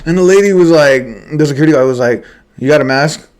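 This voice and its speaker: A young man co-hosting a podcast, telling a story in casual chat, animated and swearing, laughing often. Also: a little high, fast. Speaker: podcast co-host.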